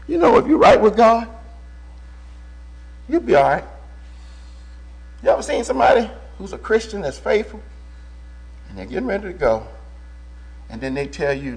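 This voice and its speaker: A man preaching with a high, gravelly voice that swoops up into shouts and drops down to near whispers. He speaks with a husky rasp and calls his listeners brother. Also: big pitch swings, moderate pace, pauses often. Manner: impassioned preaching, swinging from shouts to hushed tones; addresses the congregation as brother. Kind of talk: sermon.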